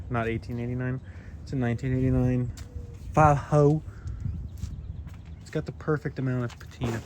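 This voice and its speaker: Guy rambling bout his car build in the garage, jokey, calls folks son, bit of faint noise. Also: medium pitch. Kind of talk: casual garage walkthrough.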